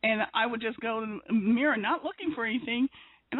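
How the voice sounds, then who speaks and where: A woman's voice: a little high, fast talker, no echo. A woman hosting an interview, telling stories earnestly, with restarts and whispered asides. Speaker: interviewer and show host. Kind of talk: conversational faith interview. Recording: tinny phone-line sound.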